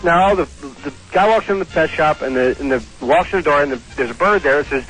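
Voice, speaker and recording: Halting man telling a joke on air. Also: fairly high pitch, fairly bright tone, soft background music, rough recording. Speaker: call-in contestant.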